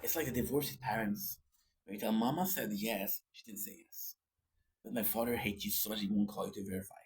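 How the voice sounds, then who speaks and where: A man's voice: fairly low pitch, fairly even intonation, quick pace, breathy edge. A man, short on sleep, rambling goofily through a daily video diary and joking around. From Canada. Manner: goofy, rambling, breaks into sung bits and jokey voices. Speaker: vlogger.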